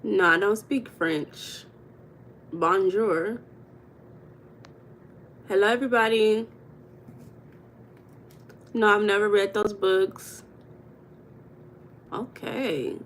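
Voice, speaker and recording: A woman's voice: mid-range voice, steady tone, drawn-out words, long pauses, slight background noise. A woman from the United States hosting a casual livestream, greeting viewers by name and talking about money mindset in a chatty, playful way.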